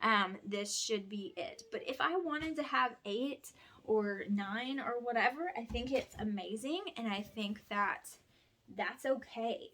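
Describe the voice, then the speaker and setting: Folding laundry at home, this Alabama homeschooling mother and vlogger talks in a rambling way, restarting often because she's short on sleep and tired. She speaks indoors with a voice on the high side and a fairly bright tone, over slight background noise.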